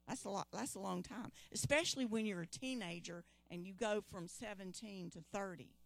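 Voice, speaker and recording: A woman's voice: mid-range voice, a little fast, creaky, no echo. A woman preaching a sermon, retelling a Bible story and calling out questions to her congregation. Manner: lively, calls out to the congregation.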